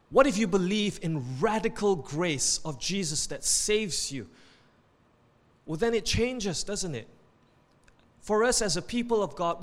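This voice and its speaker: A male pastor preaching a sermon emphatically, stressing key points and telling jokes, in a reverberant hall. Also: high voice.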